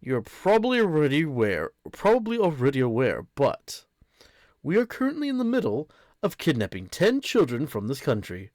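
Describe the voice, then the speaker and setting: A man gives voice to an arrogant holy knight, cold and mocking as he delivers a threat. The voice is a little high and swings widely in pitch, and the sound is dry and close, with no room around it. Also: wildly swooping pitch, moderate pace, a little mellow, no echo.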